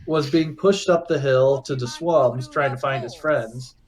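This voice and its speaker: A man's voice: medium pitch, unhurried. A man acting as game master, recapping a tabletop game in a rambling way with frequent laughter.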